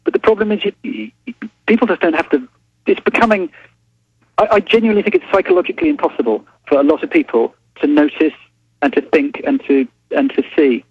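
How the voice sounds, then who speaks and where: A man with a London English accent, calling in as a reporter and reflecting in a halting way with many restarts, heard over a phone line. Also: on the high side, breathy edge, dry recording. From England. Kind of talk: phone-in interview.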